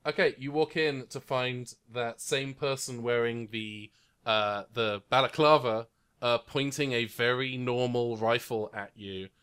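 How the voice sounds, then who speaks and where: A man's voice: mid-range voice, steady tone, a little slow, fairly bright tone, smooth. A man narrating as game master in a tabletop role-playing game, rambling descriptions full of fillers. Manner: rambling with many fillers, voices figures briefly. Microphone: remote recording.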